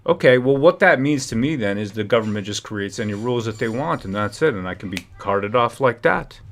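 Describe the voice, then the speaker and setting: Male streamer host, agitated rambling commentary, average pitch. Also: lively intonation, brisk, a bit bright, a little hiss or hum. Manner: agitated, rambling, frequent restarts. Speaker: livestream host. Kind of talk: ranting livestream commentary.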